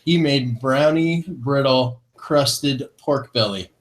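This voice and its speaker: A man's voice: medium pitch, slow pace. A man co-hosting a casual online talk show, reading a feel-good list aloud with chuckles and corny jokes. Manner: upbeat, chuckling between items, fond of corny jokes. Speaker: co-host of a vaping talk show.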